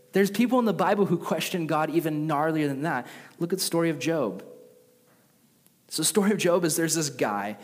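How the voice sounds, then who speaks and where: Animated young pastor in a reverberant hall. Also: male voice, on the high side. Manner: animated, casual slang, reads scripture with rising intensity. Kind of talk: casual sermon.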